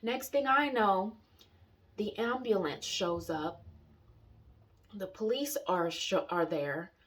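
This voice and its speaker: A young adult woman telling a personal story in a casual, rambling way, with restarts, pauses and the odd wry laugh. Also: medium pitch. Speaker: vlogger sharing personal story.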